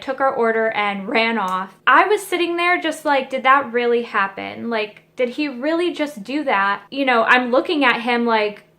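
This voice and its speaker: A young woman with a slightly high voice tells a personal story straight to camera. She is animated and indignant, full of asides to her viewers. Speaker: beauty vlogger. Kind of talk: storytime vlog.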